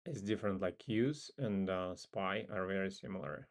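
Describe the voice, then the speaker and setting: This is casual live market commentary from a man hosting a trading stream in a non-native English accent. Speaking at a normal speed in a low voice with vocal fry, he thinks out loud and says um often.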